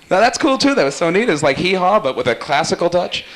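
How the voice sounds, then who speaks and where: A man warming up a live talk show audience, teasing guests and cracking quick jokes. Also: sits high, big pitch swings, slight background noise. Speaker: talk show warm-up host. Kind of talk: jokey stage banter with audience.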